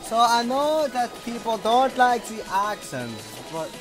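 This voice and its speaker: Lively joking male game commentator. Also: extremely high pitch, slow pace. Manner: jokey, playful banter. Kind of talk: casual gameplay commentary. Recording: game music behind.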